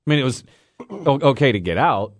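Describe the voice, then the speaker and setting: A man co-hosting a radio show, chatting casually and quick to agree and laugh. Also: medium pitch, sing-song, no room sound. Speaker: radio co-host. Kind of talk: casual chat.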